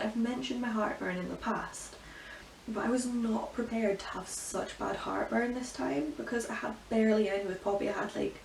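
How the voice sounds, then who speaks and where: Chatty young woman with a gravelly edge. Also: fairly high pitch, a little mellow. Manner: chatty, emotional, many "like" fillers. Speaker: vlogger. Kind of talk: casual pregnancy update vlog. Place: bedroom at home. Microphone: camera from some distance. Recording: roomy, distant, faint hiss.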